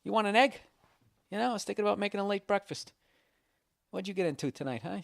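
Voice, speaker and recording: A man's voice: high-pitched, expressive, fast talker, gravelly, dry recording, studio quality, pitched above the performer's own voice. A man voicing a chatty, unbothered dog. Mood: breezy. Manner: breezy, chatty, nonchalant. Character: a dog talking like a casual, unbothered guy.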